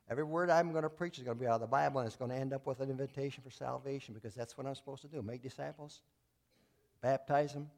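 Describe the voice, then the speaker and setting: A man preaching a sermon as a Baptist pastor, his voice sitting in an ordinary middle range. He talks in a folksy, plain-spoken way. He swings from loud, emphatic declarations down to quiet asides. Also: medium pitch. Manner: folksy, telling jokes and acting out voices.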